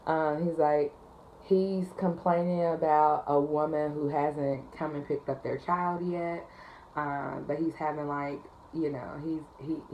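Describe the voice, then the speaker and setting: A woman's voice: deep voice, warm tone, slight background noise, poor audio. A woman who works as a 911 dispatcher, chatting casually with lots of ums and likes as she tells a storytime. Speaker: 911 call taker and dispatcher.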